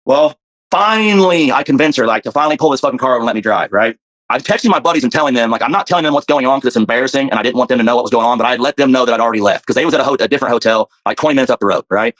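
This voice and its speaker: Guy rattling off a story super fast, swearing a lot, lots of "like". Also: medium pitch, lively intonation, a bit bright. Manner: rambling, profane, full of fillers. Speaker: guest telling his story. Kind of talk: casual storytelling.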